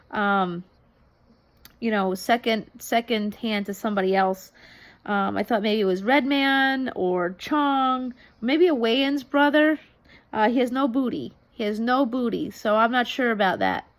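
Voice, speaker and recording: A woman in her thirties chatting casually as a vlogger reviewing a TV show, rambling with many ums and restarts. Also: on the high side. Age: 30s. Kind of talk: casual chat.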